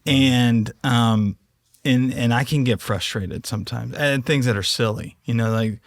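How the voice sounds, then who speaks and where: A man's voice: medium pitch, unhurried, no room sound, clean studio sound. A man on a podcast, speaking hesitantly and self-deprecatingly about his sons. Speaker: podcast guest. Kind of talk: casual podcast discussion.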